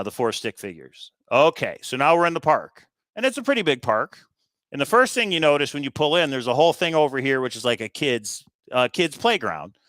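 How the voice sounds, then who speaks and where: A man hosts a treasure hunt video in a relaxed, rambling way, thinking aloud and filling pauses as he explains his reasoning. His voice sits in a middle pitch. The recording is dry, with no room sound. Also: no echo. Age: adult with kids. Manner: chatty, thinking aloud, frequent fillers. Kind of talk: casual walkthrough commentary.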